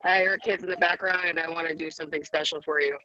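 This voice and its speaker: A woman trading coach speaking on a group call, emotional and hesitant, with many pauses. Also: low voice, steady tone, pushed and bright, no room sound. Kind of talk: casual talk on a group call. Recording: dry, dull, lo-fi sound.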